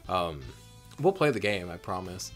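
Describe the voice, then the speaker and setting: A man's voice: low-pitched, big pitch swings, moderate pace, fairly bright tone, soft background music. A man giving casual gameplay commentary, rambling, swearing often and mocking himself. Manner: rambling, profane, playful, self-mocking. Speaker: let's play host.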